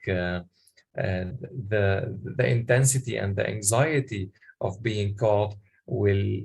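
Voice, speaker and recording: Man, gravelly voice, workshop presenter, halting explanations, questions to the audience. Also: fairly low pitch. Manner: halting, explanatory, many fillers.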